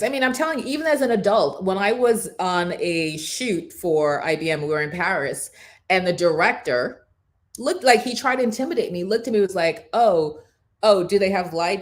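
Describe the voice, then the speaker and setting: Woman, motivational host, emphatic preacher-like delivery, lowish pitch. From Jamaica. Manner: emphatic, preacher-like, scripture-quoting. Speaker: morning show host. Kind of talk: motivational talk.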